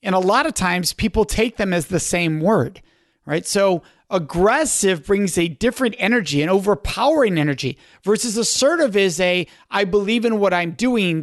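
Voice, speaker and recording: High-voiced male podcast host. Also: no room sound, studio quality. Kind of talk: interview chat.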